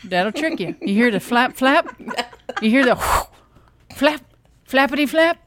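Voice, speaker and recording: A woman's voice: high voice, lively intonation, measured pace. A woman co-hosting a podcast with dry, teasing humor in casual chat. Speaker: podcast co-host. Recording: noticeable background noise.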